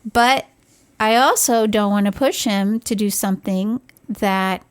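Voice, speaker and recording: Middle-aged woman co-host, chatty storyteller, mid-pitched, lively delivery. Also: measured pace, clean tone. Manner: animated, acts out quoted voices. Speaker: podcast co-host, parent. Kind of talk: casual conversational storytelling.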